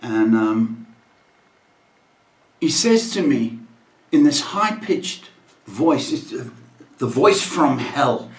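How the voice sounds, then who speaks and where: A man from England hosting a livestream, telling comic stories in an exasperated, animated rant that bursts out loud. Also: mid-range voice, drawn-out words, pauses often, roomy sound. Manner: exasperated, animated ranting with sudden loud outbursts. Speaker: livestream host. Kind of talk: comedic storytelling rant.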